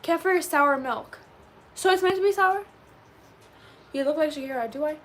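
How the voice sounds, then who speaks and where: A woman in her twenties chatting casually with live viewers and answering them as she reads chat, animated and peppered with "like". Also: high-pitched, moderate pace. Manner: chatty and animated, says "like" often. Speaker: livestreamer reading chat.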